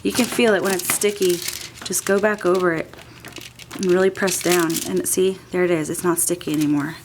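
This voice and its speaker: A woman's voice: lowish voice, fairly even intonation, moderate pace, noisy background. Chatty woman gushing over crafts. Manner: chatty and gushing, talks while working. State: sniffly. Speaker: art journaling tutor. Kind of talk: casual craft tutorial.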